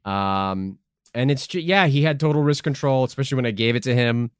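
A man's voice: mid-range voice, fairly quick, smooth, no room sound, clean studio sound. A man co-hosting a comedy podcast, improvising a profane story and acting out voices along the way. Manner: profane, animated, acts out voices in stories.

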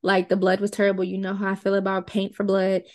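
A woman's voice: mid-range voice, completely flat delivery, fast talker, a little mellow. A woman podcast co-host recapping a movie plot in a conversational, wry and indignant way.

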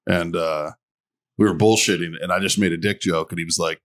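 A man's voice: sits low, fairly even intonation, a little fast, fairly bright tone, a little hiss or hum. A man hosting a podcast, telling crude stories full of swearing and laughter. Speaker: podcast host. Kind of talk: crude casual banter.

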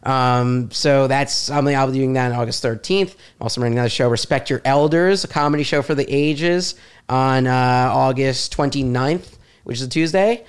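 Man explaining things in a smooth voice. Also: medium pitch, moderate pace. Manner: explanatory, lightly self-deprecating. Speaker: podcast guest, comedian. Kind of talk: casual chat.

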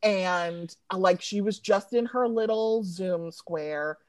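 A woman's voice: mid-range voice, takes it slowly, darkish tone, dry recording. A woman comedy writer chatting casually, telling profane stories and laughing mid-sentence. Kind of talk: casual podcast chat.

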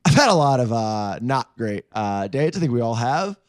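A man guesting on a radio show, telling a dating story in a playful, animated way with easy laughs. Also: medium pitch, moderate pace, no echo, studio quality. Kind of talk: casual storytelling chat.

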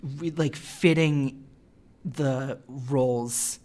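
A woman on a podcast talking casually about a film, halting often with fillers and restarts. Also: very deep voice, a little mellow, faint music behind. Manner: hesitant, many fillers and restarts. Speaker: podcast co-host.

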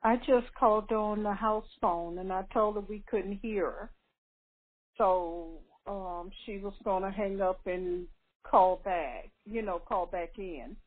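A woman's voice: medium pitch, unhurried. A woman chatting on a live stream call, rambling and repeating herself, trailing off mid-thought. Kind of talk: casual phone chat. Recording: tinny phone line.

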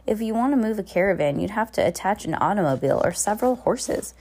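A woman voicing a resourceful teenage girl inventor, earnest and practical, with a gravelly edge. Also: mid-range voice, animated, fast, a little mellow. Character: resourceful eldest sister, teen girl inventor.

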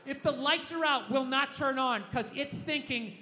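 High, bright-voiced profane comedian man. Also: normal speed, hardly any pauses, some chatter behind. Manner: profane, animated, mock-ranting. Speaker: stand-up comedian. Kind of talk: stand-up storytelling. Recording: long hall reverb, faint noise.

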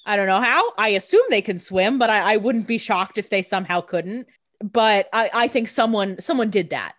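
A woman's voice: mid-range voice, normal speed, a bit bright. Chatty woman podcast co-host, stammering restarts. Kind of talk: casual TV episode recap chat.

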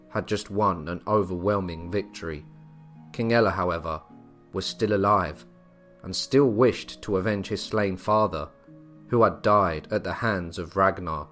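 Man narrating history over soft music. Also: deep voice. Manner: measured, storytelling delivery. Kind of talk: scripted narration.

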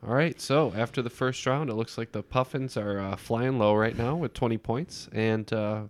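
A man's voice: medium pitch, normal speed. A man co-hosting a trivia podcast and keeping score, wry and teasing. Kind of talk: casual podcast banter.

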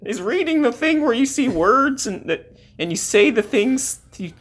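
A man's voice: very high-pitched, big pitch swings, moderate pace, a bit bright, full character voice. A man voicing a dim-witted, childlike male demon sidekick in an improvised comedy podcast sketch, eager and easily confused.

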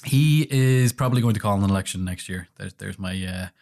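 A man's voice: fairly low pitch, brisk, vocal fry, darkish tone. A man with an Irish accent co-hosting a podcast, chatting casually, laughing often and swearing in banter. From Ireland. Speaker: podcast co-host.

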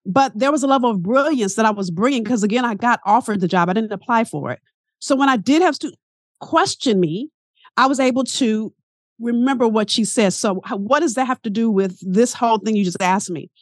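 Animated woman coach, dry close sound. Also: fairly high pitch, a little fast, no room sound. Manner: animated storyteller, emphatic. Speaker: guest, coach and teacher. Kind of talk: casual interview talk.

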